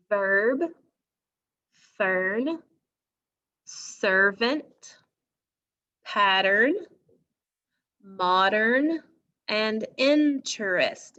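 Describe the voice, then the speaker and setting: A woman's voice: a little high, bright, forceful tone, muffled recording. A woman teacher giving a phonics lesson to a class, speaking patiently and asking her students questions.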